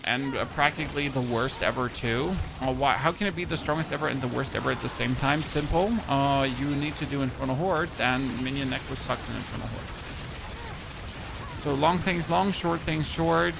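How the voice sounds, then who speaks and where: A man's voice: mid-range voice, normal speed, gravelly, noisy background. A man in his thirties with a German accent, chatting casually and joking with his chat while streaming a game. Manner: chatty, jokey, answers chat. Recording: music playing behind.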